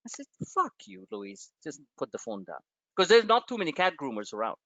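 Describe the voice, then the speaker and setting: On this live stock-trading webinar, the host talks quickly in a slightly high voice, keeping things casual and animated, swearing along the way and wandering off into personal anecdotes. The recording has no room sound and its highs are cut off.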